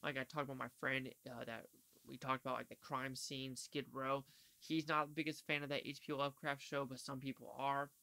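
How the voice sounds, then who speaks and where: A man's voice: mid-range voice, flat delivery, brisk, gravelly, bright, forceful tone, no room sound. A man giving a casual, rambling movie review, slangy and swearing freely.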